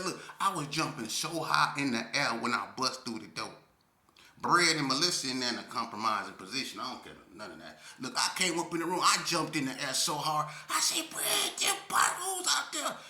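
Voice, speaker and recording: A man telling a story from his youth in a casual, animated way, full of slang and often checking in with the listener. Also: a little high, a little fast, echoey room.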